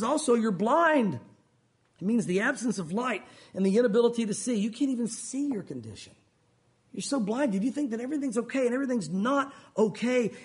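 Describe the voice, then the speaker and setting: Earnest man preaching. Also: very high voice. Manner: earnest, conversational preaching that addresses the congregation as "guys". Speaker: pastor. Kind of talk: sermon.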